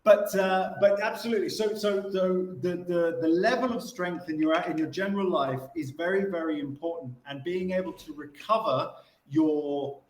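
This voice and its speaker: A man with a somewhat high voice explains fitness training on a radio talk show. He is patient and repeats words as he thinks. His voice rings with a roomy echo. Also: moderate pace, hardly any pauses, a little hiss or hum.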